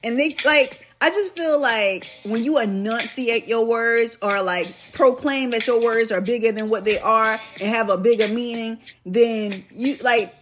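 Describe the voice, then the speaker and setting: A woman's voice: on the high side, a little slow, few pauses, fairly bright tone, faint music behind. A young woman hosting a podcast, ranting bluntly in casual slang-filled chat. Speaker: podcast host.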